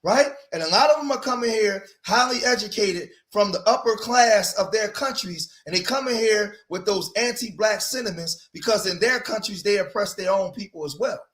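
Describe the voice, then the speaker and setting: Emphatic high-voiced man reacting to clips. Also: moderate pace, few pauses. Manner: animated, rising to loud emphatic outbursts, addresses viewers as y'all. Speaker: commentary host. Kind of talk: casual reaction commentary.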